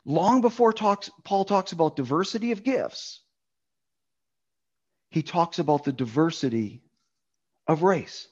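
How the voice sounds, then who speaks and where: A man's voice: on the high side, expressive, unhurried, pauses often, breathy edge, muffled recording. A man preaching a sermon on a Bible passage, emphatic, repeating key words for stress.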